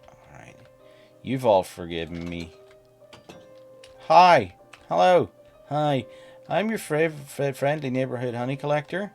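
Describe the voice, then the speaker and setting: A man's voice: mid-range voice, lively intonation, a little slow, gravelly, long pauses, soft background music. A man casually chatting while streaming a game, playful and talkative, teasing the creatures on screen. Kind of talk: casual gameplay stream chat.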